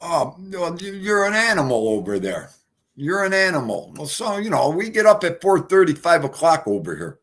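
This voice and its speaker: Brash, profane New livestream host. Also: male voice, a little high, sing-song, moderate pace, fairly bright tone. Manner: brash, profane, greets chatters. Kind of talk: casual livestream chat.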